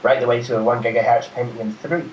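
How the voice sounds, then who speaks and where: A man whose voice sounds nasal and congested. He chats about hardware with easy know-how and frequent pauses. His audio comes over an echoey line, distant from the mic, with faint hiss. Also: mid-range voice, steady tone, dull audio. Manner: knowledgeable, hesitant with fillers. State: stuffy, nasal from a cold. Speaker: guest expert. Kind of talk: casual tech chat.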